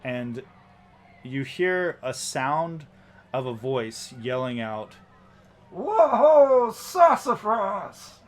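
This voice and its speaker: A man narrating a tabletop game as game master, halting often with ums and restarts. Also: mid-range voice.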